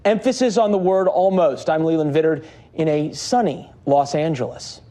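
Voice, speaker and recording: A man anchoring a news broadcast in a smooth, conversational studio delivery. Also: a little high, fairly even intonation, moderate pace, mellow.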